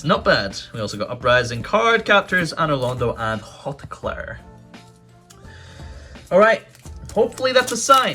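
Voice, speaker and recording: A man chatting casually as he opens card packs, his voice bright and ringing and his pitch bouncing around a lot. He mutters low when disappointed and shouts and swears when excited. Faint music plays behind him. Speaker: YouTube card-opening host. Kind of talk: casual pack-opening commentary.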